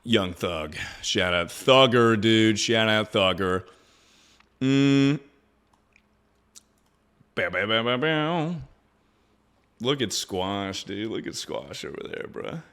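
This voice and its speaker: A man's voice: lowish voice, lively intonation, slow pace, pauses often, fairly bright tone, smooth. A young man streaming live, chatting casually in a rambling, crude way and laughing often.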